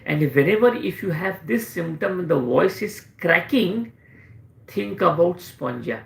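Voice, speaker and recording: A man with an Indian English accent teaches in a live question-and-answer session. He explains things with repeated emphasis. His voice is high and gravelly, and an echoey room surrounds it. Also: lively intonation, measured pace. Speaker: homeopathic doctor.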